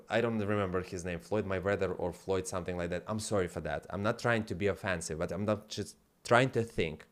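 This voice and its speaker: A man hosting a live stream, ranting off the cuff in an emphatic, profane way with non-native grammar. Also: on the low side. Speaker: livestream host. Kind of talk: heated off-the-cuff rant.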